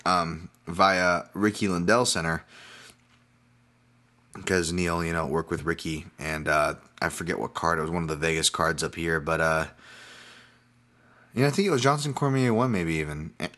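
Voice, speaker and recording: A man's voice: sits low, moderate pace, pauses often, bright, forceful tone. A middle-aged man hosting a podcast, talking casually about fights and betting odds while hiccuping, in a rambling, self-deprecating way with frequent restarts. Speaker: podcast host. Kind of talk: casual sports betting talk.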